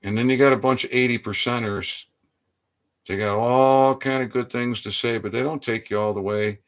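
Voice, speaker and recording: A man delivering a preachy political rant, exhorting his listeners and often rising into loud, emphatic outbursts. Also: mid-range voice, fairly even intonation, moderate pace. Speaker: online commentator.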